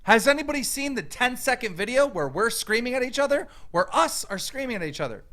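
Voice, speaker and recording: A man's voice: very high voice, big pitch swings, fairly quick, hardly any pauses. A man ranting angrily in a reaction video, mocking and profane as he answers back to a clip. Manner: mocking, profane, shouting rebuttals. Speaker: online commentator. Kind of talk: angry reaction rant.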